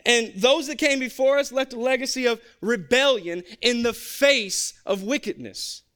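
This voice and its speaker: A man preaching a sermon in an animated, conversational, joking way. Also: very high-pitched, normal speed, clean tone. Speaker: pastor and basketball coach.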